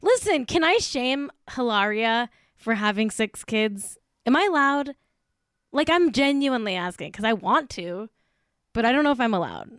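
Her voice sits on the high side, animated and fairly bright, clear and resonant at a moderate pace, in clean studio audio without room sound. Co-hosting a comedy podcast, she rambles in casual, gushing chat full of "like"s and frequent laughter.

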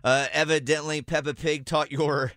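A man hosting a morning radio show, chatting casually with jokes and quick asides. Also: a little high, little pitch movement, a bit bright, no echo, studio quality.

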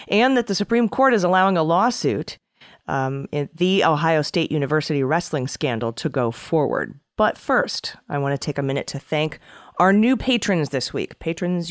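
A woman's voice: low voice, dry recording, studio quality. A woman co-hosting a political podcast, chatty and sarcastic, often laughing as she talks. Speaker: podcast co-host. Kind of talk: casual political podcast chat.

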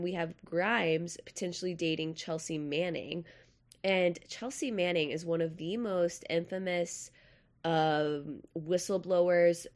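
A young woman hosting a podcast in casual, chatty, self-deprecating talk, with a nasal voice. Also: on the low side. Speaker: podcast host.

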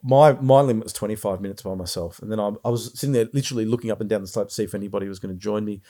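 A man hosts a casual podcast chat in a fairly low, mellow voice. He talks with eager enthusiasm, rambling and restarting his sentences as he goes. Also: very fast. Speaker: podcast host.

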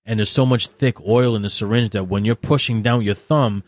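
Man, very low voice, dry close sound, blunt, profane, vivid storyteller, interview guest. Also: steady tone, normal speed, a little mellow, no room sound. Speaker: podcast guest.

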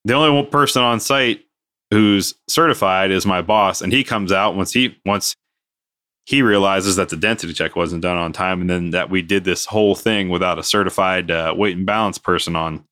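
In a casual podcast, a co-host with a low voice tells a work story at a normal pace. He's animated and acts out what people said.

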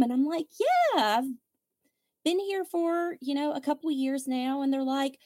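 A widowed podcast host with a high-pitched, animated, warm voice speaks at a moderate pace in a dry, studio-quality recording. In casual chat she tells candid, wry stories, acting out what other people said.

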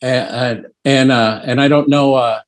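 A man's voice: mid-range voice, steady tone, measured pace. A man co-hosting a podcast, chatting casually and making wry asides.

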